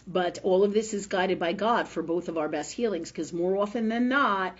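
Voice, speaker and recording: At a moderate pace and medium pitch, a woman in her fifties hosts a casual spiritual livestream despite feeling unwell. She's blunt, profane, and emphatic, with a habit of asking "right?" The audio, from a webcam or phone mic, is dull and a little lo-fi.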